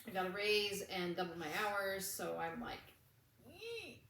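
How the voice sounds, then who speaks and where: A woman's voice: on the low side, fairly even intonation, moderate pace, gravelly, fairly bright tone, roomy sound, recorded from a distance, slight background noise, rough recording. A woman co-hosting a casual craft chat, telling stories in a chatty way with frequent laughter. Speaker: podcast co-host.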